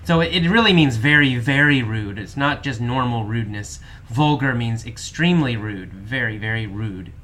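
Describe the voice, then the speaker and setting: Man with a bright voice explaining vocabulary. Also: mid-range voice. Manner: slow, patient explanations with frequent repetition and fillers. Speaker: English teacher. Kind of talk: vocabulary lesson, explaining word meanings.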